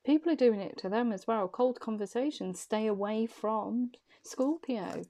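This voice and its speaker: Mellow-voiced woman reading tarot cards. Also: fairly high pitch, normal speed. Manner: loose, thinking aloud, interpreting cards as she turns them. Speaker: tarot card reader. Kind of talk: intuitive tarot reading, addressing the viewer.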